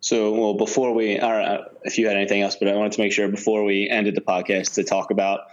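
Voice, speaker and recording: Podcast co-host, male, lowish voice, easygoing chatter full of fillers, muffled lo-fi recording. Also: quick pace, slight background noise. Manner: relaxed, laughs often, many fillers. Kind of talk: casual sports chat. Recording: dull lo-fi sound.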